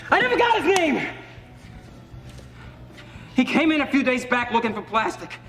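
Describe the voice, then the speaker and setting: An actor playing a nervous male arms dealer who talks fast and pleads under threat. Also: very high-pitched, animated, a bit bright. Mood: panicked. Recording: TV drama audio with music.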